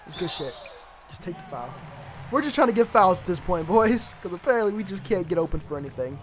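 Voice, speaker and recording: A young man mutters and swears his way through a basketball video game, trash-talking the players on screen. His voice sits a little high. A steady background noise runs behind him in a home recording. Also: brisk. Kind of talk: casual gameplay commentary.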